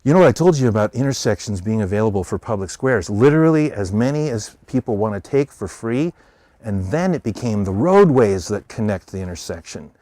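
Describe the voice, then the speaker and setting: A man with an American accent giving an animated public talk, telling stories and voicing characters in quotes. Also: on the low side, brisk, no room sound. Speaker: speaker.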